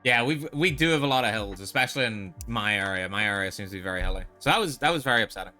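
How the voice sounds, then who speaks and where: A man's voice: lowish voice, animated, fast talker, bright, forceful tone, faint music behind. A man from the Netherlands streaming, telling a story in a profane, exasperated casual rant. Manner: profane, exasperated, lots of restarts.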